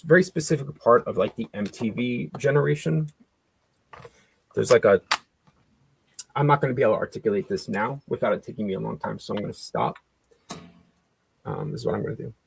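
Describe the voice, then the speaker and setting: A man in his forties with a gravelly, fry-edged voice, talking in loose casual chat while he works. He rambles, stops himself mid-thought and swears offhandedly. Faint clicking sounds sit behind him. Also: mid-range voice, fairly quick, pauses often, a little hiss or hum. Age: 40s.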